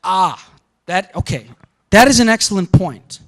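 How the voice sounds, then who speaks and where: A man lecturing a class in an animated way, often quoting example sentences and breaking off mid-thought. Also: high-pitched, measured pace. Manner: animated, quotes example sentences, interrupts himself.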